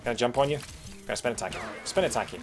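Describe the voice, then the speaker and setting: A man's voice: medium pitch, fast talker, creaky, faint music behind. A man streaming a video game, chatting with viewers in a rambling, casual way. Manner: chatty, rambling with many fillers. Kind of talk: casual live-stream commentary.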